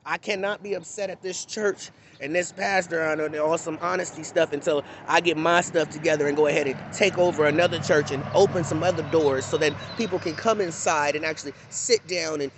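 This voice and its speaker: A man's voice: on the high side, fairly even intonation, fairly quick, hardly any pauses, background noise. A man giving an unscripted, blunt and impassioned monologue to camera in a candid, conversational tone. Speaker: vlogger.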